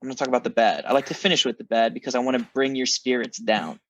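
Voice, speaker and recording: A man's voice: medium pitch, very fast, fairly bright tone. A man co-hosting a casual sports podcast, ranting with wry self-mocking humor. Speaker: podcast co-host, football fan.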